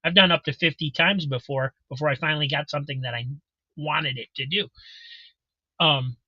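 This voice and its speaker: A man's voice: fairly high pitch, normal speed, pushed and bright, no echo, highs cut off. A man on a video call explaining things at length in a rambling way, repeating words as he goes. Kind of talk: casual chat on a video call.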